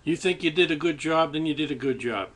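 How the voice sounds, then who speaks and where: Speaking a little high and fairly quickly, this man has a fairly bright tone, with slight background noise behind him. On his own webcam show he rambles casually and reflectively while eating, often starting over, all captured through the webcam mic.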